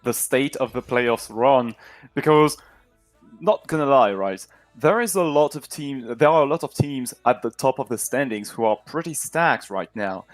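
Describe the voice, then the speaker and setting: A man's voice: mid-range voice, animated, moderate pace, dry recording, soft background music. A man with a French accent co-casting an esports match, talking through the playoff picture and often correcting himself. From France. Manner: talkative, analytical, self-correcting. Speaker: esports co-caster.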